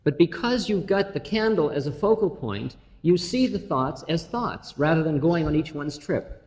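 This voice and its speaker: A man giving an informal spiritual talk to an audience, telling stories with humor and slow, drawn-out phrases. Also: fairly high pitch, expressive, a little mellow. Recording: reverberant hall, faint noise.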